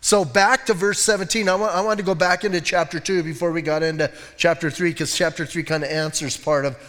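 Folksy middle-aged pastor in a reverberant hall. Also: male voice, a little high, steady tone, fairly quick, a bit bright. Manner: casual and folksy, many fillers and restarts, acts out voices of the people. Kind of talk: conversational sermon. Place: church sanctuary.

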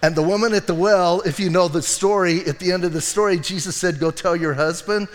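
A male pastor preaching a sermon, telling stories with lively acted quotes and laughter. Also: high-pitched, brisk, long reverb tail. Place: church sanctuary.

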